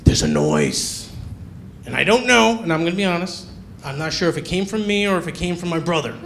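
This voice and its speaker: A male comedian on a club stage tells a story in a high, gravelly voice. His pitch swings widely as he acts out each character. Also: sing-song, a little fast, fairly bright tone, slight background noise. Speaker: stand-up comedian.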